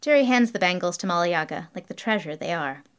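A woman reads a whimsical story aloud in a dry, matter-of-fact way. Her pitch is lively and varied as she narrates. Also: fairly quick, clear, resonant tone. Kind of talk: storybook reading.

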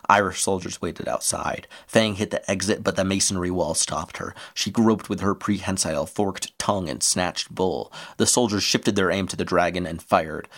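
A man reading an adventure story aloud in steady scripted narration. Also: sits low.

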